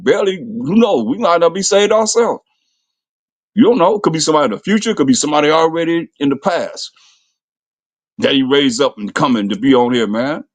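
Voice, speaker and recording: Fiery preacher man with a dry sound. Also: dry recording. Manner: impassioned, rhetorical questions, voice jumps high when mocking. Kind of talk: fiery street-style scripture sermon.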